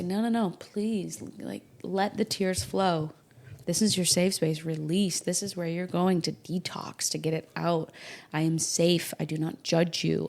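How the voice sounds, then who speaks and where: A middle-aged woman hosting an astrology podcast, talking casually and emotionally, with soft whispered asides. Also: fairly low pitch. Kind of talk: casual solo podcast talk.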